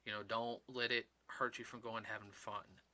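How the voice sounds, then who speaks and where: A man hosting a casual talk show, speaking in an earnest, rambling way with halting restarts. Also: on the low side, flat delivery, pushed and bright. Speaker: host. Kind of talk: casual chat.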